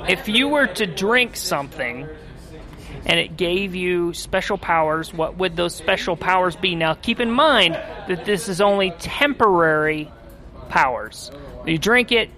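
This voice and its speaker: A man hosting a casual comedy podcast from a basement, easygoing and quick to laugh. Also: high voice, animated, pushed and bright. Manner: easygoing, laughs often, stumbling restarts. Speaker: podcast host. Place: basement studio.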